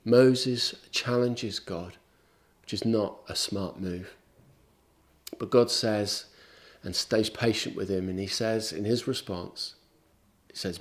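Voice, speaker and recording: A man's voice: lowish voice, takes it slowly, long pauses. A man preaching a sermon in a conversational, wry and emphatic way.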